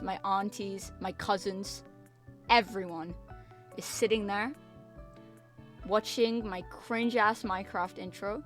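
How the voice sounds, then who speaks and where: A young woman, a streamer chatting casually and telling an embarrassing story in an animated way. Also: mid-range voice. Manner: animated storytelling with swearing and acted-out quotes. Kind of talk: casual chat.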